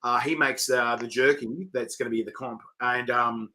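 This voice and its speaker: A man, hosting a casual interview and telling animated stories. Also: medium pitch, normal speed, a little hiss or hum. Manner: chatty storyteller, animated, acts out quotes. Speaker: interviewer and chilli event organiser. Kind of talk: casual chat. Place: online video call.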